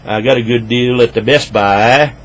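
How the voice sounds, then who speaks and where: A man's voice: steady tone, normal speed, slight background noise, rough recording. Crude rambling man ranting at his desk. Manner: crude, rambling, swings between loud outbursts and low mutters. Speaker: vlogger. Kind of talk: rambling profane rant to camera. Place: home desk with computer screens. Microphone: computer microphone.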